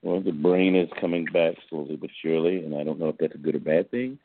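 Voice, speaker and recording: A man's voice: low voice, fast talker, noisy background. A man hosting a casual talk radio show, joking and rambling playfully. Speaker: host. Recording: dry tinny phone line.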